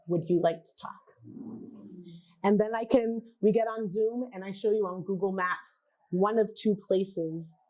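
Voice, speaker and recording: A woman giving a conversational talk at a wellness summit, animated, posing questions to the audience and acting out what other people say. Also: fairly low pitch. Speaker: genealogy practitioner and speaker. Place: summit event.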